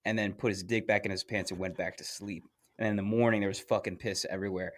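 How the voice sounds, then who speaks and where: A young man co-hosting a podcast, telling a crude college anecdote in relaxed, profane casual chat. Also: lowish voice, fast. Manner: relaxed, swearing, chiming in with his own anecdote. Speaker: podcast co-host.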